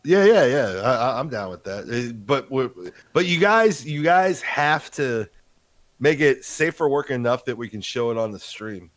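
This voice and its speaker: A man's voice: mid-range voice, expressive, normal speed, a bit bright, no echo. A man co-hosting a livestream, rambling casually with many hesitations. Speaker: livestream co-host.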